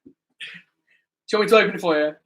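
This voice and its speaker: A man's voice: sits high, quick pace, fairly bright tone. A man hosting a casual youth live stream, teasing his co-host and laughing as he eggs him on. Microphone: live stream mic.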